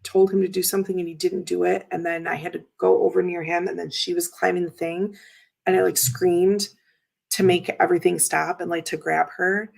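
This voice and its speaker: A woman's voice: fairly low pitch, little pitch movement, brisk, vocal fry, darkish tone, slightly rough, poor audio. A woman in her thirties hosting a casual chat while showing tarot cards, talking in a rambling, chatty way with lots of fillers. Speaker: tarot reader and livestream host.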